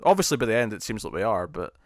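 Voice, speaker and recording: A man co-hosting a podcast in casual chat, animated and laughing often, restarting sentences as he recaps TV episodes. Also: fairly low pitch, racing, no echo, clean studio sound. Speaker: podcast co-host.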